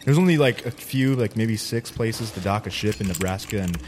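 A man's voice: lowish voice, fairly quick, a little mellow, a little hiss or hum. A man playing a sheepish young male ship navigator in improv comedy, rambling and hesitant.

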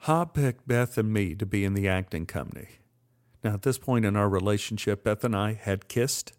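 A man's voice: on the low side, normal speed. An older man recounting a memory with wry, dry humor. He tells it as a storyteller would, with an easy, conversational flow. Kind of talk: personal storytelling monologue.

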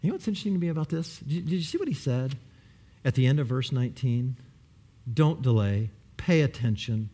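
A man preaching a sermon with passion, swinging between loud pleading and hushed, near-whispered lines. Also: medium pitch, lively intonation, a little fast, breathy edge. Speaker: pastor.

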